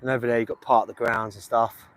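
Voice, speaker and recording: A man's voice: mid-range voice, fairly even intonation, fast talker, a bit bright, slight background noise. Chatty English man live-streaming outdoors. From England. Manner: chatty, rambling, jokey banter with viewers. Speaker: livestream host visiting graves. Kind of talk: casual live stream chat reading comments. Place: outdoors, windy village. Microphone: phone held in hand.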